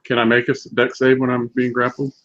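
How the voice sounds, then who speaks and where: Fast, flat male player, dull lo-fi mic, heavy noise behind. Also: mid-range voice. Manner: quick questioning, flat. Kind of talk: tabletop game play.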